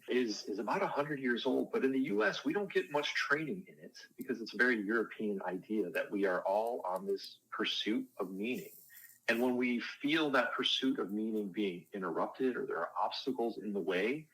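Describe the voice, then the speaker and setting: A man's voice: fairly low pitch, fairly bright tone, low-quality recording. A man who works as a counselor and coach answers interview questions in a conversational, explanatory way, with light self-deprecating asides. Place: outdoors on a porch.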